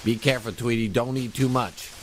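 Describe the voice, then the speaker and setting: A man voicing a big, grumpy cartoon bird with a flat, sardonic delivery. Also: medium pitch, a little fast, a little hiss or hum, close to an everyday voice.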